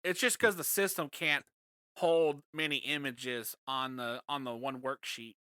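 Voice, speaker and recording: A man's voice: medium pitch, steady tone, a little slow, sharp tone, clear, resonant tone. A man co-hosting a podcast, joking around and laughing often. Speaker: podcast co-host. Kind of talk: casual chat.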